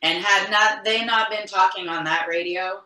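A woman's voice: mid-range voice, fairly even intonation, moderate pace, pushed and bright. A middle-aged woman from Quebec, a guest in an interview, recounting events earnestly and insistently, often circling back and restarting her sentences. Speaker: interview guest, mother of the deceased. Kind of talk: emotional recounting in conversation. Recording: echoey room.

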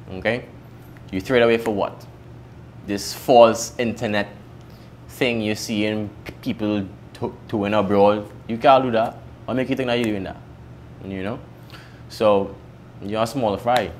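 A young man with a Trinidadian accent candidly tells his personal story to camera, swinging between lively bursts and hushed, emotional moments. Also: on the low side, slight background noise. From Trinidad and Tobago. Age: young adult. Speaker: entrepreneur telling his story.

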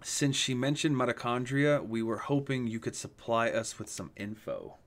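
A man voicing a calm, businesslike young female police officer, reading her lines flatly in his own mid-pitched voice. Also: normal speed.

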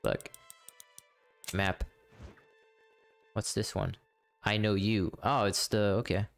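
A man's voice: on the low side, fairly even intonation, slow pace, creaky. A man casually commenting while he plays a game live, chatty and profane, answering his viewers as he goes. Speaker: game streamer. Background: game music and horse hooves.

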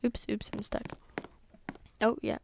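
A woman's voice: unhurried, background noise. A young woman giving chatty gameplay commentary, talking to herself and to her horses with many ums and whispered asides. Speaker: gaming YouTuber.

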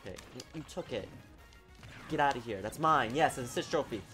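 A man giving live gameplay commentary, excitable and exasperated, breaking into sudden shouts. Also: medium pitch, brisk, faint music behind. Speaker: gaming video creator.

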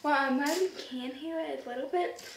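A woman with a high, light voice chats on and on to her camera, stringing thoughts together with plenty of fillers. She sits some way off from the mic in a room at home that gives her voice a roomy echo, with a faint hiss underneath. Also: moderate pace, gravelly, far from the mic. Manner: rambling, chatty, many fillers. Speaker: vlogger. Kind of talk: casual chat to camera.

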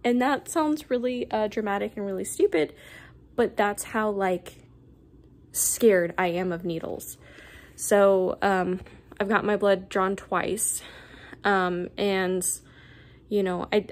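A woman's voice: medium pitch, slow. A young woman vlogger telling a personal story in a casual, rambling way, with many fillers and restarts.

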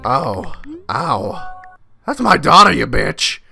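Man doing a gravelly, hot-tempered Vegeta. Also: mid-range voice, very animated, takes it slowly, soft background music, exaggerated voice. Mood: seething. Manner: foul-mouthed, indignant, bursts into yelling. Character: hot-tempered proud alien warrior father, adult male. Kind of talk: comedic reaction parody.

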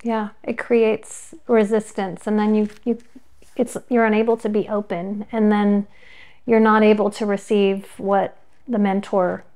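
A woman co-hosting a podcast, speaking calmly and reflectively in casual conversation. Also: mid-range voice, a little slow. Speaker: podcast co-host.

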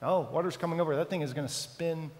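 A man's voice: a little high, quick pace, darkish tone. A man preaching a sermon as pastor, dramatic and full of questions to the congregation. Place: church sanctuary. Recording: church hall reverb.

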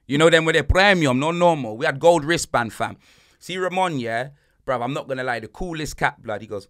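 A man's voice: on the high side, fairly quick. A young man, hosting a podcast and telling a holiday story in casual, slang-heavy chat, acting out other people's voices. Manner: animated, slang-heavy, acts out voices in his stories. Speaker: podcast host.

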